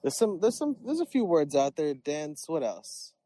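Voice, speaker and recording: A man's voice: fairly high pitch, sing-song, moderate pace, dark tone. A man chatting as a guest on a comedy podcast who plays along in a laid-back way with dry asides. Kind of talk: casual comedic chat. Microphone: phone app audio.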